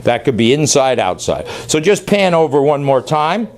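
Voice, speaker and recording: A man who runs a dog training facility, talking loosely and excitably as he demonstrates training, now and then yelling playfully. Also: on the high side, moderate pace, noisy background. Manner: loose, rambling, excitable, yells playfully at times. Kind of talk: casual on-camera demonstration.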